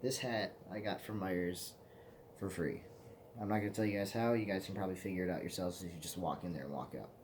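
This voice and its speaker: A man's voice: low voice, fairly quick, darkish tone, slight background noise. A man telling rambling, profane stories to the camera in a casual vlog, often laughing at himself. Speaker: vlogger.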